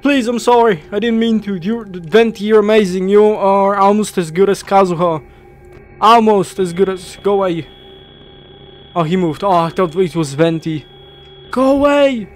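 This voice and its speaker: A young man who is not a native English speaker, playing a horror game and reacting out loud, easily startled and talking to the characters on screen. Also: high voice, moderate pace, slight background noise. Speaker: gaming YouTuber.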